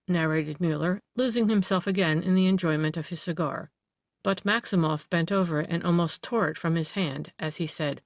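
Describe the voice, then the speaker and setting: An audiobook narrator reading detective fiction in an even, measured way. The voice sits mid-pitch and is recorded dry with a slightly dull, lo-fi tone. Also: vocal fry, no room sound. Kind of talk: scripted narration.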